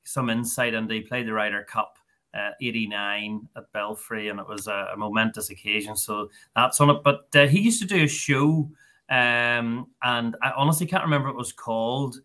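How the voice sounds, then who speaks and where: A man's voice: mid-range voice, moderate pace, bright, forceful tone. A man hosting a podcast, chatting in a rambling, friendly way with many fillers. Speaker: podcast host. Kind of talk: casual chat.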